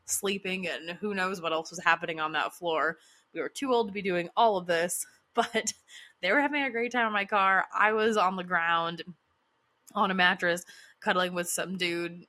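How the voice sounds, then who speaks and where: A woman's voice: medium pitch, sharp tone. A woman in her thirties telling casual stories in a chatty way, with lots of fillers and frequent laughter. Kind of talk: casual storytelling monologue.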